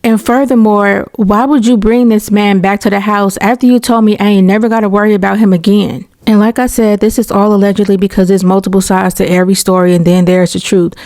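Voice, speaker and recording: A woman hosts casual reaction commentary and speaks with a gravelly edge. She is blunt and opinionated, and she uses everyday slang as if talking to friends. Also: mid-range voice, steady tone, a little fast, few pauses, a little mellow. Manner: candid, opinionated, conversational with slang.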